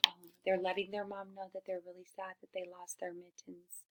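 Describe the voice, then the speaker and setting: A woman teacher leading a reading lesson for young children, stretching her words clearly and often dropping to a whisper. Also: on the low side, completely flat delivery, sharp tone. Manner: slow, drawn-out, over-enunciated words.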